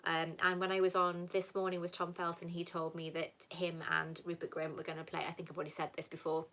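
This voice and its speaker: A woman in her thirties from Wales, hosting a casual live Q&A and chatting warmly with viewers, calling them "lover" and "sweetheart". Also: on the low side, monotone, quick pace. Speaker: livestream host answering viewer questions.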